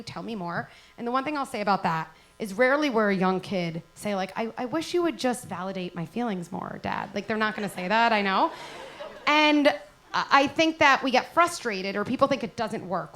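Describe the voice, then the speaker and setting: A woman's voice: medium pitch, lively intonation, fairly quick, fairly bright tone, low-quality recording. A middle-aged woman, a parenting expert, speaking earnestly at a live event and acting out little parent-child exchanges. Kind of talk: live event talk before an audience.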